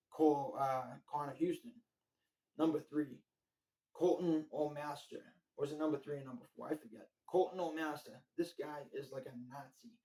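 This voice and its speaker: A man's voice: on the high side, darkish tone, rough recording. A man giving a blunt, profane, rambling monologue ranking jail officers, full of filler phrases. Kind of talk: casual ranting monologue.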